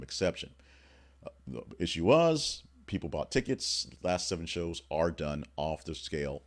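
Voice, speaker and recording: A middle-aged man hosting a casual morning news podcast, rambling offhandedly through the headlines with frequent fillers and restarts. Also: sits low.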